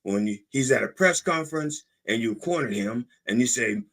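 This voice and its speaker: A man's voice: mid-range voice, animated, normal speed, hardly any pauses, fairly bright tone. A man hosting a podcast in a casual monologue, rambling and digressing as he talks. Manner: rambling, digressive, self-interrupting. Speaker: podcast host.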